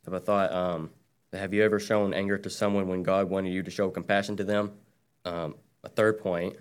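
Lay preacher, very low and flat, plain and halting delivery. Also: male voice, clean tone. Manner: plain, hesitant, reading scripture. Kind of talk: short Bible message.

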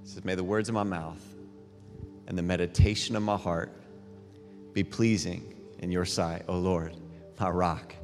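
A middle-aged man preaching a sermon as a pastor, telling animated, self-deprecating stories between scripture readings. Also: sits low. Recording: long reverb in a large hall with faint music.

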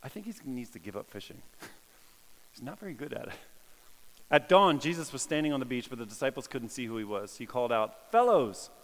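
A man preaching in a relaxed, conversational way, slipping into lively voiced quotes as he tells the story. His voice carries a long reverb tail, as in a large hall. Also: medium pitch, a little fast. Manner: casual, animated preaching with voiced quotes and laughs. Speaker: pastor. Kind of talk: sermon.

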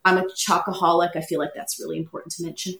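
A woman's voice: fairly low pitch, level tone, fast talker, a crowd in the background. A middle-aged Canadian woman chatting as a podcast guest, friendly and self-deprecating. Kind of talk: casual chat. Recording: echoey, distant from the mic.

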